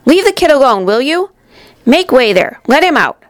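A woman voicing a fat, jolly male shopkeeper who shouts with excitement, in a storybook reading. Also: high voice, normal speed, no echo, voice pushed up. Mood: commanding.

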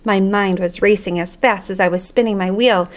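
With a mid-range voice and a moderate pace, a woman narrates a children's audiobook in an expressive, lively storytelling style.

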